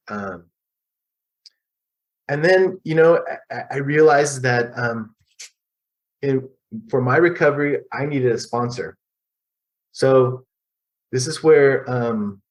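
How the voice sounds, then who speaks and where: A man's voice: mid-range voice, poor audio. Middle-aged guy sharing at a support meeting, lots of ums and restarts, honest. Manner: halting, many restarts and ums, candid. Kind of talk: personal recovery share.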